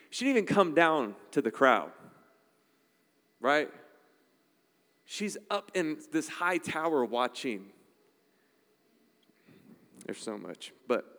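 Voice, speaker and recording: A man's voice: mid-range voice, long reverb tail. A man preaching a sermon in a conversational, emphatic style, checking in with the congregation often. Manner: emphatic, conversational preaching with frequent "all right?" asides. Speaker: pastor.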